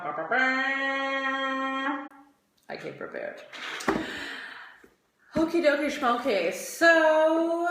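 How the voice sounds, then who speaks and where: A woman's voice: fairly high pitch, fairly bright tone, a little hiss or hum. A woman chatting casually on a phone livestream from home, rambling with many fillers. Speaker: athlete hosting a livestream. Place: room at home. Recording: roomy home recording.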